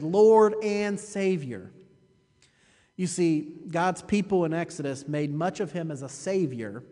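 A pastor with a high voice preaches a sermon in a large hall. He is emphatic, repeating phrases for weight and often turning to listeners with a rhetorical "you see."

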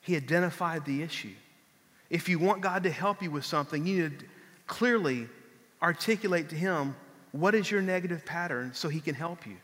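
High, bright-voiced pastor preaching in a hall. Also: male voice, moderate pace. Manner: conversational storytelling, animated, acts out quotes. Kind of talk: sermon. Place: church. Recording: long reverb of a large hall.

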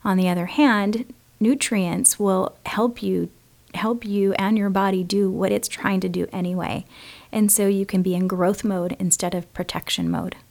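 A woman co-hosts a podcast in casual conversation, chatty and enthusiastic, laughing easily. Her voice is mid-range and slightly mellow, with a steady tone and a moderate pace.

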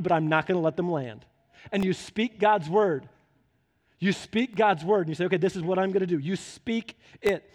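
A man's voice: high voice, darkish tone. A man preaching a sermon, telling a homely story and then urging his listeners on with fervent exhortation. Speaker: pastor. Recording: long hall reverb.

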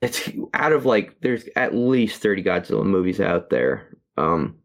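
A man co-hosting a podcast, reviewing a movie in casual chat, halting with many fillers and restarts. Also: deep voice, sing-song, vocal fry. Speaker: podcast co-host.

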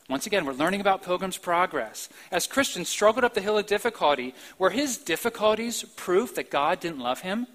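A high-pitched male pastor delivers a live-streamed church sermon. He drops to slow, quiet stretches, then bursts out loud and emphatic on his key points. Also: low-quality recording. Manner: emphatic preaching with sudden loud outbursts and soft, slow stretches.

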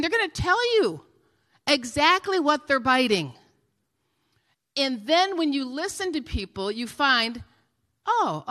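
A woman, a guest pastor preaching an animated sermon with laughs and storytelling. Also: high-pitched. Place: church sanctuary. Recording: reverberant church hall.

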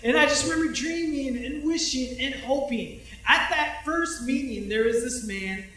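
A male pastor telling a story in a sermon, animated, breaking into shouts and acting out quotes from a stage. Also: very high-pitched, moderate pace, distant mic. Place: large echoey hall, speaking from a stage. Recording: echoey hall, voice from off-mic.

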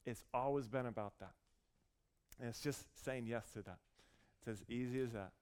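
Earnest preacher man, smooth voice. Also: mid-range voice, normal speed. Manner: earnest, warm storytelling with restarts. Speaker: pastor. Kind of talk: sermon.

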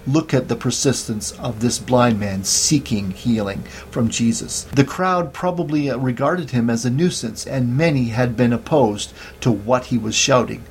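A man preaching a sermon in a measured way, reading out and citing scripture verses. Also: medium pitch, slight background noise.

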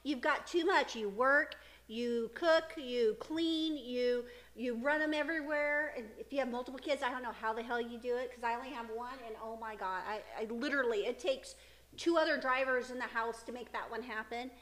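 Speaking at a moderate pace in a fairly high, fairly bright voice, a middle-aged woman shares stories on the casual podcast she co-hosts. She's a mother, and her chatty storytelling is punctuated by lots of laughter.

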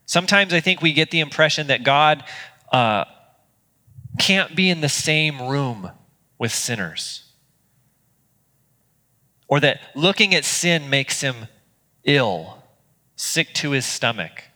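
A pastor delivers an earnest, conversational sermon in a crisp, forceful voice, now and then restarting a phrase. His words ring out through a church auditorium with a long, trailing echo. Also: on the high side, sing-song, takes it slowly, pauses often.

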